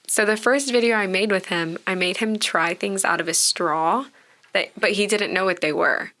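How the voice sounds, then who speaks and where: A young woman in her twenties with a light Texan accent, talking casually as a podcast guest. Her voice sits at a middle pitch, and she tells stories in a loose, chatty way, with "like" in almost every sentence. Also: moderate pace, pushed and bright. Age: 20s. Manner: chatty storyteller, heavy use of "like". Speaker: podcast guest, bartender and content creator. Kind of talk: casual interview chat.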